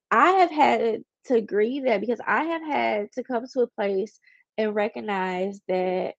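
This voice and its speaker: A woman's voice: fairly high pitch, creaky, no room sound. Young woman host, congested, candid rambling monologue, dry slightly dull recording. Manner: candid, rambling, heavy use of "like". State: congested, stuffy nose. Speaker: podcast host. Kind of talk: casual personal monologue.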